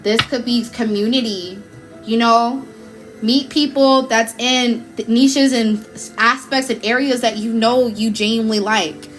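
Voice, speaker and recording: A young woman reads tarot on a casual livestream, chatty and encouraging. Her voice sits a little high and she laughs easily. Soft music plays faintly behind her. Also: fairly even intonation, a little slow.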